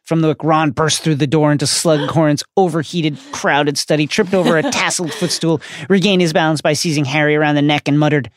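A man's voice: a little high, fairly even intonation, a little fast, hardly any pauses. A man co-hosting a podcast, retelling book chapters in a jokey, casual way with slang. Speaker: podcast co-host. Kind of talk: casual book recap chat.

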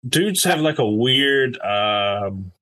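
Animated man acting out his stories. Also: medium pitch, drawn-out words, low-quality recording. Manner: animated storyteller, acts out quotes. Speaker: podcast co-host. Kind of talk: casual chat.

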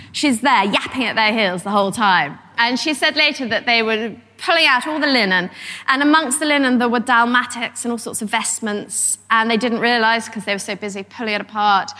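Woman historian telling lively stories at a lecture, bright clear voice, hall reverb. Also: fairly high pitch. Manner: lively, animated storyteller. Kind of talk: public lecture, storytelling.

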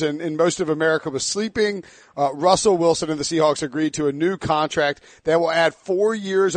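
A man hosting a sports podcast, talking quickly and jokingly and laughing often. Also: a little high, dry recording. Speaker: podcast host. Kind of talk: casual sports podcast chat.

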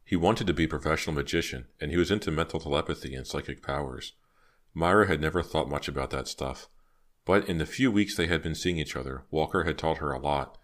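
A man reading a novel aloud as an audiobook narrator, telling the story in a steady, even way. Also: a bass voice, fairly quick. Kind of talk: scripted narration.

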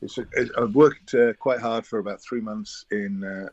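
An older man chatting as a radio guest, telling relaxed stories with a chuckle. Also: fairly low pitch, normal speed, dry recording, highs cut off. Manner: relaxed anecdotal storytelling, chuckling. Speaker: guest, former cricketer. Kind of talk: casual radio interview.

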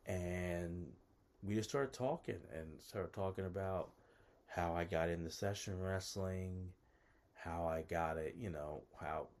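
A man with a deep, low voice tells a personal story casually. He circles back on himself and stumbles through restarts, leaning on "like" constantly. He sounds self-conscious as he goes. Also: a little slow, a little mellow. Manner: rambling, self-interrupting, lots of "like".

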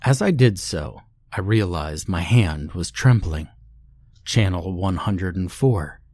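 A man narrating a scripted horror story in a measured, grim way. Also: low-pitched, expressive, a little mellow, no echo.

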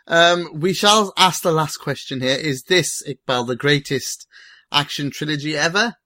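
A man hosting a casual film discussion, animated and quick to swear. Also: a little high, dry recording, studio quality. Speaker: host.

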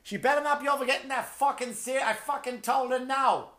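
A man voicing a furious South Boston mother yelling at her kids in a Boston accent, scolding and swearing. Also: fairly quick. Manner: profane, shrill, scolding.

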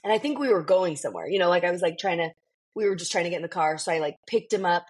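Breathy 30s woman, rambly and giggly, says like a lot, podcast cohost. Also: on the low side, lively intonation, racing. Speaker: podcast co-host. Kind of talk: casual parenting podcast chat.

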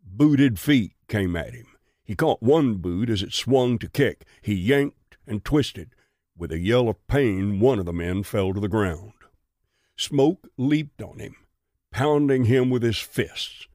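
A man reads a western audiobook in a slow, measured way. His voice sits a little low and is recorded dry and close, with no room sound. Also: animated, a little mellow, no room sound. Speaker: narrator.

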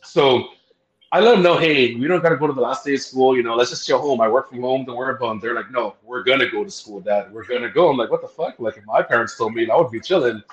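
Fast-talking man, roomy lo-fi sound. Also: medium pitch. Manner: profane, storytelling, laughs often. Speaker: podcast guest. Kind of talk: casual podcast chat. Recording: echoey, dull lo-fi sound.

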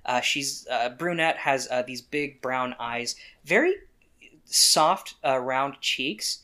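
A game master narrating a tabletop game in a relaxed, casual manner. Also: medium pitch, takes it slowly.

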